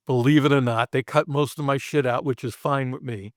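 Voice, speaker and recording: A middle-aged man from Brooklyn with a Brooklyn accent, a special effects artist telling stories as a podcast guest in a profane, animated way and acting out sound effects. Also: medium pitch, a little fast, no room sound, clean studio sound. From Brooklyn, New York. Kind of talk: casual storytelling.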